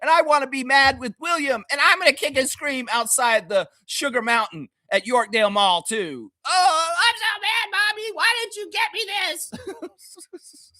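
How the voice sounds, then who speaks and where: A man's voice: bright, forceful tone, no room sound, heavily acted. A man putting on a whiny tantrum-throwing fan. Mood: whining. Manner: high drawn-out whine.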